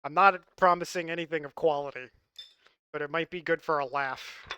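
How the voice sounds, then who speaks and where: Dude streaming and chatting, laughs a lot, swears, bright crisp voice, kinda high. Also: male voice, fairly even intonation, normal speed, a little hiss or hum. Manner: loose and joking, laughs often, swears freely. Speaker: livestreamer. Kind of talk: casual live-stream chat.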